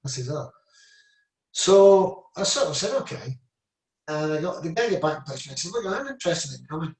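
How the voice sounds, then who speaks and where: Brief: Scottish man in his 70s, fairly high voice, rambling yarn-spinner, recorded in an echoey room. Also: animated, fairly quick, a little mellow. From Scotland. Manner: rambling anecdotes, lots of "I said" and "you know". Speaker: interview guest, former footballer. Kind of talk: casual storytelling. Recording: echoey room, mic at a distance.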